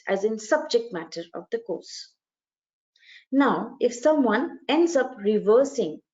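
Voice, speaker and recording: A woman coaching students for a speaking exam, her voice a touch high for a woman. She walks through each point with examples and leans on key words. The sound is slightly dull and lo-fi. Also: a little mellow. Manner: explains step by step with examples, stresses words. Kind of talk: video lesson.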